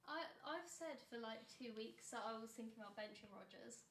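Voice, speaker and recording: A woman's voice: fairly high pitch, expressive, brisk, fairly bright tone, a little hiss or hum. A young woman from Birmingham with a Birmingham accent, chatting casually and playfully on a livestream as co-host. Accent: Birmingham English. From Birmingham, England. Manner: playful, laughs easily, defensive when teased. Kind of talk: casual chat.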